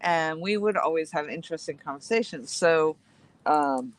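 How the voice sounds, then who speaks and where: A woman hosts a relaxed chat outdoors by a campfire at night, winding through her stories with frequent laughter. She talks into a headset mic. The sound is close and dry, with no room around it. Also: low voice, moderate pace, no echo, rough recording. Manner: rambling, laughing storyteller. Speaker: channel host.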